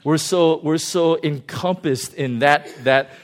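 A male pastor giving a conversational sermon, animated and often chuckling. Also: on the high side, slow pace.

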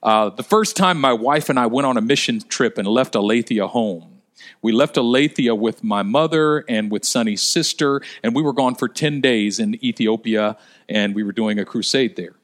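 A male pastor preaching a sermon, telling stories and slowing down for emphasis. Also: medium pitch. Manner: storytelling, slows down for emphasis.

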